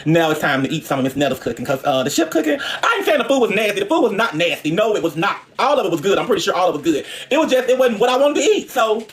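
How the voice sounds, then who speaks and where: Southern woman, quick rambling kitchen chat, repeats herself, informal, recorded at home. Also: mid-range voice, very animated. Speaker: home cooking vlogger. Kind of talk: casual chat to viewers.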